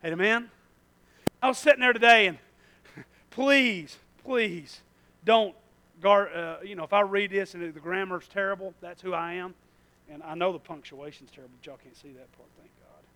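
A man preaching a sermon, emphatic and full of repeated phrases, moving from loud bursts to hushed asides. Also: high voice, normal speed, no room sound.

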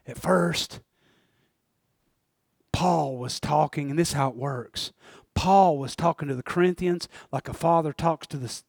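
Guy preaching, folksy, goes quiet then yells, bit high voice, dry sound. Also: no echo. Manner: swings from hushed to shouting, folksy. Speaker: pastor. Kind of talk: sermon.

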